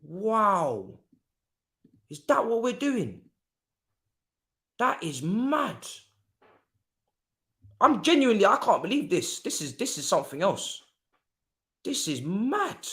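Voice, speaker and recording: A young man calls a football match live for a stream, his voice pitched high and swinging widely as he exclaims in street slang. Between the outbursts he drops into low muttered asides to himself. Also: very animated, takes it slowly, pauses often, sharp tone. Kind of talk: live football watchalong commentary.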